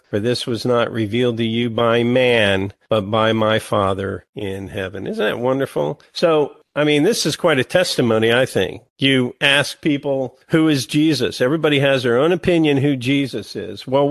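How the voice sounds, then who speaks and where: Slow scripture readings alternate with energetic, emphatic commentary in this man's sermon. His pitch is medium, and there's no room sound at all.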